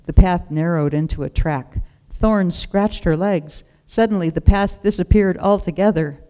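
A narrator reading a children's storybook aloud in a steady, expressive way. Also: medium pitch, unhurried.

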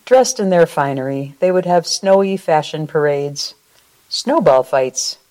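A woman reading a children's story aloud at a church service in a slow, expressive way, ending with a short prayer. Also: low-pitched.

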